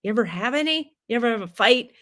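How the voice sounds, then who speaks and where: A woman's voice: a little high, animated, quick pace, pushed and bright. A woman hosting a spiritual livestream, talking candidly and casually, swearing freely and laughing often.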